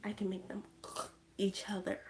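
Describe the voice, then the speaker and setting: A woman voicing a creepy, menacing older aunt in a hushed, threatening whisper. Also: mid-range voice, little pitch movement, moderate pace, gravelly, noisy background, close to an everyday voice.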